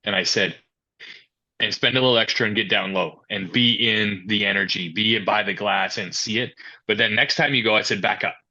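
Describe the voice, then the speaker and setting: A man's voice: fairly low pitch, normal speed. A man being interviewed as a youth and amateur hockey coordinator, talking through his answers and acting out quoted exchanges as he tells stories. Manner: storytelling, quoting others in animated asides. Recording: dull lo-fi sound.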